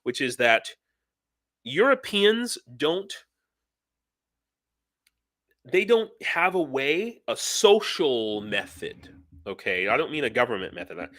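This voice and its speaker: A middle-aged man hosting a live stream, talking casually and in an animated, rambling way with many fillers and restarts. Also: mid-range voice.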